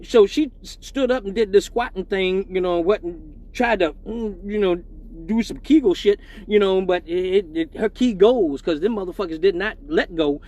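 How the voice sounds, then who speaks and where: A man with a notably high voice tells a raunchy story on his live stream. He swears constantly, laughs at his own tale and talks casually and animatedly. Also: moderate pace, a little mellow.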